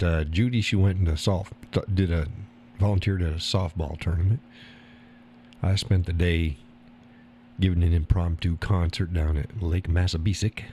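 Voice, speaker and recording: Casual stream host, male, low voice, folksy and rambling, chuckles a lot. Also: dark tone, slight background noise. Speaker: live-stream host reading viewer chat. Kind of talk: casual live-stream chat.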